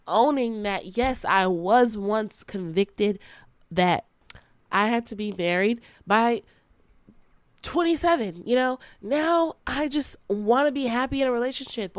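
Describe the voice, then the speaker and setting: A young woman's slightly high voice, with no echo, carries her podcast: casual, frank talk with slang and frequent laughs. She plays out quoted friends in animated, sassy voices.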